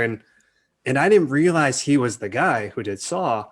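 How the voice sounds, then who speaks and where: A man being interviewed as a film director, talking casually and acting out quotes in animated stories. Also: mid-range voice, normal speed. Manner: animated storyteller, acts out quotes.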